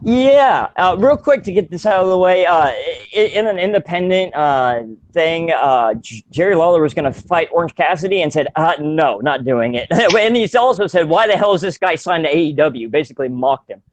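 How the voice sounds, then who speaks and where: A man's voice: on the high side, animated, normal speed, no room sound. A man co-hosting a casual podcast, rambling with many fillers and restarts and laughing often. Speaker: podcast co-host.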